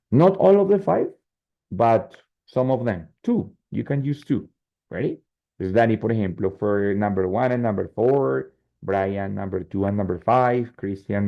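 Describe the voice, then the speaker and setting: A man's voice: fairly low pitch, gravelly. A male English teacher with a Spanish accent explains word suffixes, keeps checking "right?" and "no?", and drops into Spanish. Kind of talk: online class teaching. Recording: muffled lo-fi call audio.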